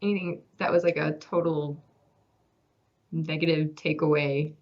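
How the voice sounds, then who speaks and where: A woman's voice: low voice, steady tone, measured pace, darkish tone. A woman interviewing her husband in casual chat, reacting with laughs and exclamations. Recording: dull lo-fi sound.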